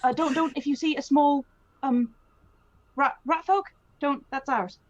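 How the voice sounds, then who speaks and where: Woman tabletop player, fairly high voice, hesitant and halting, dull lo-fi stream sound. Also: steady tone, dry recording. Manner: hesitant, stumbling over words. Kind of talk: playing a tabletop game.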